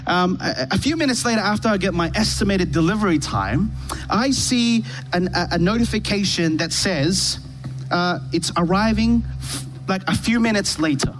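A man with a notably high voice preaches a sermon into a stage microphone. He tells his story in an animated way and keeps stumbling back over his own words. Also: normal speed, faint music behind. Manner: animated storytelling with repeated restarts.

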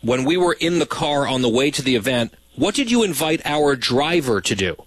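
A man's voice: medium pitch, very animated, moderate pace, husky, dry recording. Dry-humored man teasing his co-host. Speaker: talk show host. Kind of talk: casual banter on a talk show.

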